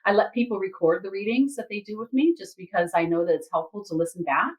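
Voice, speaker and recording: A woman who reads Akashic Records, telling a story from a session in a casual, animated way and acting out the people in it. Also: mid-range voice, quick pace, rough recording. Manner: animated, quotes others and herself in lively asides.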